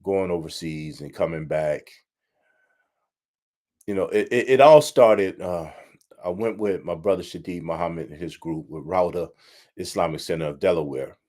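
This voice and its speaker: Heartfelt, low-voiced man telling a story. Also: moderate pace, a little mellow. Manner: heartfelt, repetitive, addresses listeners directly. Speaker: podcast host. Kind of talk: emotional personal storytelling.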